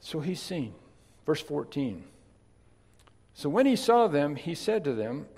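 Male preacher, gravelly, talky asides rising to forceful emphasis, in a reverberant hall. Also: a little high, big pitch swings, takes it slowly. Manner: conversational, swings from quiet asides to emphatic loud stresses. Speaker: pastor. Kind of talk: sermon. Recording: long reverb of a large hall.

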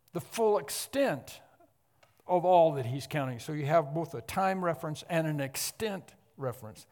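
A man preaching an expository sermon, emphatic and repetitive, often clearing his throat. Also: a little high, darkish tone. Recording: long hall reverb.

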